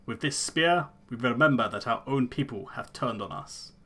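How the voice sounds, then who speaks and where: A man's voice: medium pitch, animated, moderate pace, a bit bright, breathy edge. A man voicing a solemn old clan elder with a put-on accent, reading a game character's lines aloud. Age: older. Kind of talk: gameplay voice-over of game characters.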